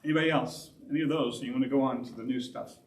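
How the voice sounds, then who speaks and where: Captured by a far-off room microphone in a church classroom, the Oregon pastor talks fast in a mid-range voice as he casually leads grown-ups through Bible study. He rambles conversationally with knowing side remarks, and the sound is roomy and distant, with a faint hiss.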